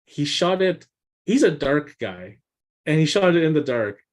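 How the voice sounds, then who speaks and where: A man co-hosting a casual business chat, telling stories with animated swings in pitch and often repeating words as he thinks. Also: measured pace. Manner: animated storyteller, jumps in pitch for quoted voices. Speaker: podcast co-host.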